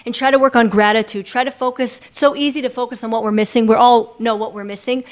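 A woman giving a religious class in a classroom. She is an expressive storyteller who acts out quoted lines. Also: a little high, fast. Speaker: Torah teacher.

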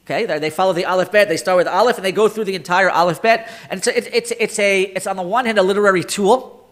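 A man teaching a Torah class in lecture style, animated, often repeating and restarting words and acting out sighs and groans. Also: high voice, fast. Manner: acts out sighs and groans for effect.

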